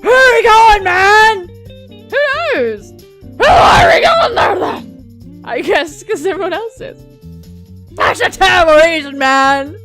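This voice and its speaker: A woman voicing an excitable, paranoid, scruffy male cyclist who shouts and ends his words like excited questions. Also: very high-pitched, slow, soft background music, pitched above the performer's own voice, heavily acted. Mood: frantic.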